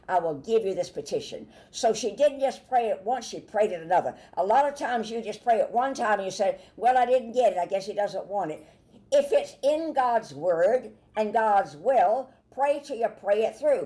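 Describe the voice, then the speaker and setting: A woman preaching a sermon in an emphatic way, breaking into loud bursts and then dropping to soft asides. Her voice sits at a middle pitch for a woman.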